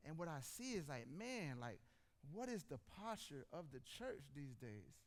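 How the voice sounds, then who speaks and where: A man's voice: a little high, unhurried. A man, telling stories and addressing the congregation directly. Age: 40s. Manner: animated storytelling, addresses audience directly. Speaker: preacher. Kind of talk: conversational sermon.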